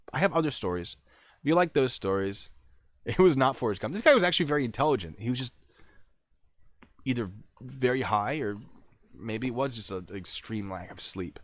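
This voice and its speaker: A man casually telling a military story to his stream, animated and acting out what people said. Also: medium pitch. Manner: animated, acts out quotes, restarts.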